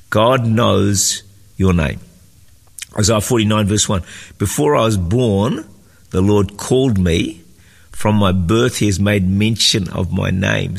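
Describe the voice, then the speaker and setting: A man with a low, gravelly, husky voice delivers an earnest devotional sermon, reading scripture and teaching with emphasis. His voice carries a long reverberant tail. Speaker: pastor.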